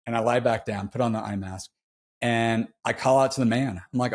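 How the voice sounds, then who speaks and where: A man's voice: mid-range voice, fairly even intonation, brisk. A man guest on a podcast, telling a personal story in a casual, candid way, often saying "dude" and restarting his sentences.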